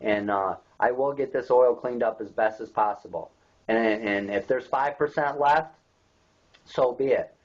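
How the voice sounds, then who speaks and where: A man's voice: mid-range voice, a little slow. Indignant man ranting into a webcam. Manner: indignant, repetitive, rhetorical questions. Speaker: local activist vlogger. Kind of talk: angry webcam rant. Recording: dull lo-fi webcam audio.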